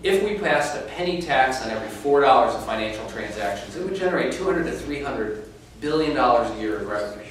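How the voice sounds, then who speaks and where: A man's voice: mid-range voice, lively intonation, fairly quick, few pauses. Man telling a story to a room. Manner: storytelling, addresses the audience directly. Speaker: keynote speaker on inequality. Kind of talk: public talk with storytelling. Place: conference room. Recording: echoey room from far off, faint noise.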